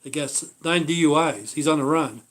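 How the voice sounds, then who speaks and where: A man's voice: fairly high pitch, moderate pace, fairly bright tone. Blunt, foul-mouthed American man rambling. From United States. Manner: blunt, swears constantly, trails off with "you know". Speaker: livestream host. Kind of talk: rambling casual monologue.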